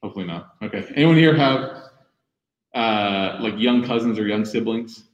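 A young man giving a sermon, telling personal stories lively and acting out the voices in quotes. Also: lowish voice, moderate pace, highs cut off. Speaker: Muslim speaker giving a talk. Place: room with audience. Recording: echoey room.

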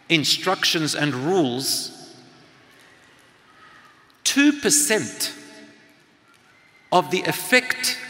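A middle-aged man who is a speaker and teacher gives a motivational talk to a live audience, engaging them with questions and activities. His voice is fairly high, pushed, and bright, with long hall reverb on the recording.

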